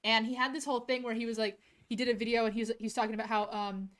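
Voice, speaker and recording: A woman co-host tells a long story among friends, rambling and laughing as she goes. Her voice sits a little high. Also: little pitch movement, very fast. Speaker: podcast co-host. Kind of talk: casual group chat.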